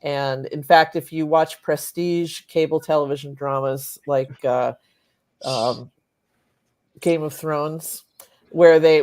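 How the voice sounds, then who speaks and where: A woman's voice: low voice, darkish tone. Blunt, laughing woman on a panel. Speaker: panelist, journalist. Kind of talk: casual panel chat.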